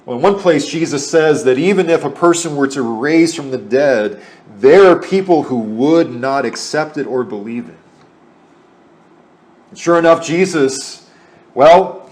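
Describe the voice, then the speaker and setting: A man's voice: mid-range voice, darkish tone. A man preaching a sermon in an earnest way, repeating phrases for emphasis.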